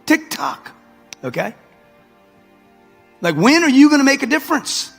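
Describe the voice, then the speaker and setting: Gravelly and very high, his voice is extremely animated at a moderate pace. The motivational speaker, in his 60s, addresses a live crowd in a large hall brashly and preachily with slang, captured in an echoey recording with music beneath.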